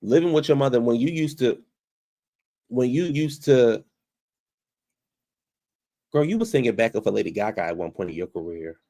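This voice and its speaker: A man's voice: medium pitch, expressive, moderate pace, pauses often, warm tone. A man giving casual commentary, repeating phrases for emphasis and calling out people directly. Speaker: commentary vlogger.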